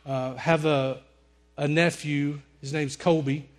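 A middle-aged man preaching a sermon, telling personal stories and softly quoting the people in them. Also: on the high side, little pitch movement, slow. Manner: storytelling preacher, quotes people in softer voices. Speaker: pastor.

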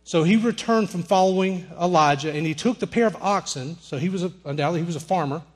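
Storytelling preacher, a higher male voice. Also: fast, soft background music. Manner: storytelling preacher, quotes people in softer voices. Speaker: pastor. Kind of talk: sermon.

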